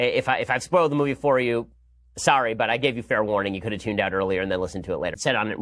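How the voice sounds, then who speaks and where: A man in his thirties hosting a political podcast, delivering a fast, sarcastic, argumentative monologue. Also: medium pitch, a bit bright. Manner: rapid-fire, sarcastic, argumentative. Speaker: political commentator and podcast host.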